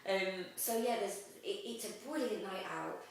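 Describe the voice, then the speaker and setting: A young actress chatting in an interview, lively, with frequent laughs and "um" fillers. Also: female voice, medium pitch, moderate pace, gravelly, slight background noise. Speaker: actress guest. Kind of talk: casual interview chat. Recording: echoey room, mic at a distance.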